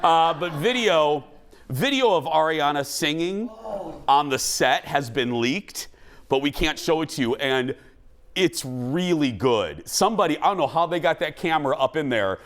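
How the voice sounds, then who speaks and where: A man's voice: on the high side, normal speed. A man hosting a talk show, chatting loosely about entertainment news with frequent restarts. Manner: animated and rambling, with frequent restarts. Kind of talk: casual entertainment news chat.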